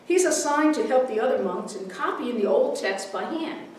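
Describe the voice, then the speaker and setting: Speaking at normal speed in a fairly high, animated voice, a woman minister offers a chatty, easygoing sermon of readings and a funny story, warmly laughing at her own jokes. The congregation's large hall is very echoey, her voice sounds far off, and there's a touch of hiss or hum.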